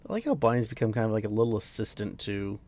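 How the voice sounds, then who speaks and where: A man's voice: on the low side, expressive, quick pace, darkish tone, no room sound. A young man reading a manga aloud and reacting casually, tired after work, swearing, laughing and easily sidetracked. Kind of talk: casual read-along reaction. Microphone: dry home mic.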